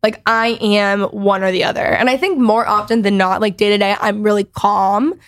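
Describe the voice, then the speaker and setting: A woman in her twenties from Texas with a Valley Girl accent, hosting a podcast in loud, chatty casual talk full of "like". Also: medium pitch, normal speed. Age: 20s. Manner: chatty, says like a lot, lively. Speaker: podcast host. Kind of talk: casual chat.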